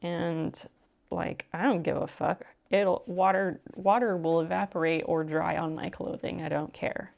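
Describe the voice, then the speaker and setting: A chatty woman streamer telling a story in a relaxed live chat. Her voice sits fairly low and carries a gravelly fry. She talks with plenty of fillers and swears now and then. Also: measured pace. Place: home room while sewing on a live stream.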